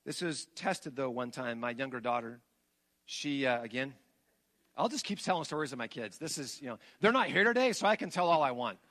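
Middle-aged male pastor, sermon voice, mid pitch, storytelling that swings from loud emphatic peaks to hushed asides. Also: lively intonation, brisk.

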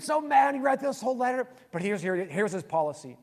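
A male pastor giving a sermon, telling stories in an animated way and swinging between raised, lively bursts and soft, hushed passages. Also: high-pitched, fairly quick, gravelly, hardly any pauses.

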